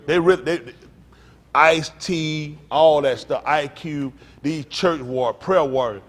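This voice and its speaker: A man speaking as a pastor in an emphatic, preacherly talk, often building up to loud outbursts. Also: a little high, takes it slowly.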